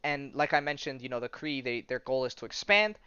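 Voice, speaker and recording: A man's voice: medium pitch, expressive, brisk, bright, forceful tone, clean tone, no room sound. A man hosting a podcast, casually recapping a comic in a rambling way and laughing at his own jokes. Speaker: podcast host. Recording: dull lo-fi sound.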